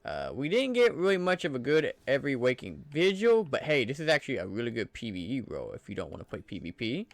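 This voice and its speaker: A man's voice: mid-range voice, big pitch swings, fast talker, creaky, few pauses, dry recording. A man giving casual, enthusiastic commentary over gameplay footage in a loose, conversational way. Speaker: gaming channel creator.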